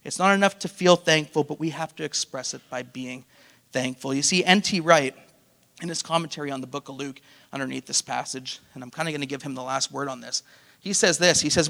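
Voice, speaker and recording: High-voiced male pastor preaching. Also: fairly quick, vocal fry, sharp tone. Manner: preachy with rhetorical questions; playful asides to the congregation. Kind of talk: sermon. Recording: long hall reverb.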